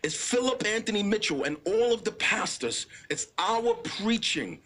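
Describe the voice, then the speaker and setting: A man's voice: high voice, lively intonation, unhurried, fairly bright tone. A man, a pastor, talking in a casual interview, earnest and informal, often building into impassioned preacher-like appeals. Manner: informal, keeps calling the listener "bro". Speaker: pastor, podcast guest. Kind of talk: casual conversation.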